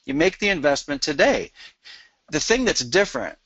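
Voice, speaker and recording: A man's voice: on the high side, big pitch swings, normal speed, a bit bright, no echo, rough recording. A man co-hosting a webinar, talking casually and often repeating words as he starts. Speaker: webinar co-host. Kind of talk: casual chat.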